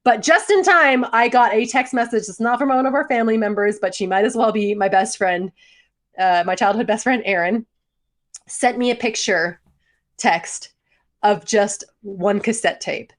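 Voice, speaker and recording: A woman's voice: on the high side, normal speed. A woman in her forties co-hosting a podcast, telling a story with lots of laughter in casual chat. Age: 40s. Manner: animated storytelling, laughs often. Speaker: podcast co-host.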